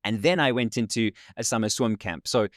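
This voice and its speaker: A South African man with a slight American Southern twang, a podcast guest telling his story in a relaxed, reflective way over a video call. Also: lowish voice, brisk, no room sound, studio quality. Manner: reflective storyteller, warm thanks, laughs often. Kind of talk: casual interview chat.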